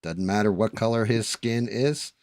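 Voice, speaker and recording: Male host, very low voice, salty casual storyteller, dry mic. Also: normal speed, darkish tone, no echo. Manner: profane storytelling, drawling. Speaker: streamer host. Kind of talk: casual chat.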